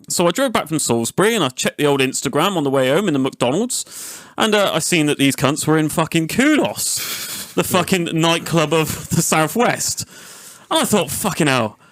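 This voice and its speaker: Lad spinning a sweary night-out yarn, high bright voice. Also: male voice, dry recording. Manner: sweary, animated anecdote-telling. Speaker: podcast host. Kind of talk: casual storytelling chat.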